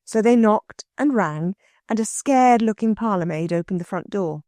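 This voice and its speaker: This is scripted audiobook narration by a woman with a mid-range voice who tells the story expressively at an ordinary speed. The studio sound is clean, with no room sound at all.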